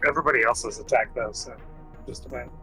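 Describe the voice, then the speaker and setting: A man's voice: medium pitch, fairly even intonation, fast talker, bright, forceful tone, soft background music, low-quality recording. A man playing a tabletop game, chatting with wry, teasing remarks. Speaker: player. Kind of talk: casual chat at a tabletop game.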